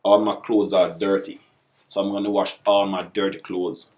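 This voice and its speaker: In a relaxed video lesson, a deep-voiced Jamaican vlogger covers simple patois phrases, giving each one in dialect before translating it into plain English. He speaks at normal speed with a flat, slightly mellow delivery.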